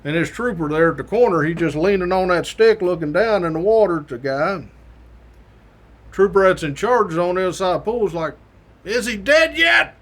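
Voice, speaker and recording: Male host, a touch high-pitched, spinning a folksy yarn with acted-out quotes. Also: a little fast. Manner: folksy and colloquial, with mild swearing; acts out the quoted voices of others. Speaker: host recounting his academy days. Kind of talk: casual spoken storytelling.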